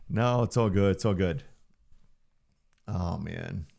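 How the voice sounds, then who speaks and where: Deep, gravelly-voiced man streamer in his forties. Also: a little mellow. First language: Spanish. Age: 40s. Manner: playful, joking, chuckles often. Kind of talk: casual stream chat.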